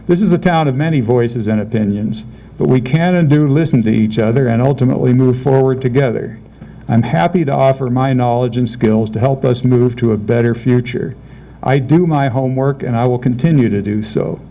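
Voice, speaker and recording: A man with a gravelly, mellow voice reads his prepared closing statement as a council candidate. He keeps a steady delivery throughout. The recording is dull and lo-fi, with faint noise. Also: mid-range voice, fairly quick.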